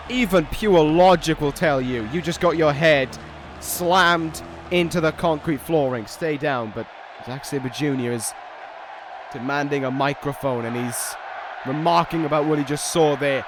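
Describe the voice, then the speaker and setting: A high-voiced man calls a wrestling video game play-by-play, flipping from dry sarcasm to shouts of disbelief. He swears casually as he talks. Faint game music plays behind him. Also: a little slow. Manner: excitable, swings from dry sarcasm to stunned shouting.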